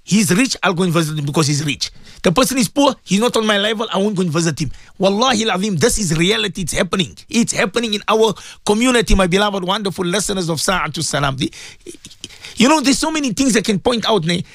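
A man delivers an impassioned religious radio talk in a high voice that leaps up and down. He preaches fervently, repeats his points and calls out to his listeners again and again. The sound is dry, with no room echo. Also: expressive, fast talker, fairly bright tone. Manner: fervent, repetitive, preachy, addresses listeners directly. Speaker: Islamic radio presenter and maulana.

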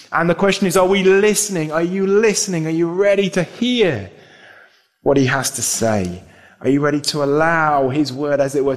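Man, preacher, sermon, earnest, rhetorical questions, slightly high-pitched.

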